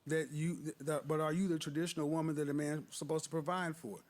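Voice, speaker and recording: A man's voice: fairly high pitch, level tone, quick pace, darkish tone. A man, a show host, arguing on a panel and pressing others with repeated, probing questions. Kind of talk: panel debate.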